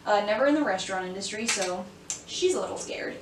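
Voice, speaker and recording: A chatty young woman rambles her way through a makeup tutorial, dropping "like" and "y'all" constantly. She sits a little back from the camera mic in a roomy space at home. Steady background noise hangs under her voice. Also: medium pitch, quick pace, distant mic. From South Florida. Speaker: beauty vlogger. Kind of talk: casual makeup tutorial chat. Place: home room, indoors. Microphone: camera mic at a short distance.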